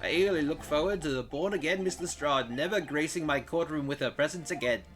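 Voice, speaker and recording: A man's voice: fairly high pitch, fast talker, fairly bright tone, soft background music, close to an everyday voice. A man voicing a pompous, stern older British judge in a game playthrough, with formal, grandiloquent courtroom speech. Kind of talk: video game voice-over playthrough.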